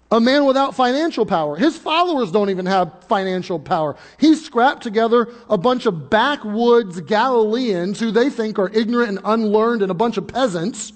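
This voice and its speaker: Male pastor, high voice, earnest conversational sermon, long hall reverb. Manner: earnest, conversational preaching with repeated restarts and rhetorical questions.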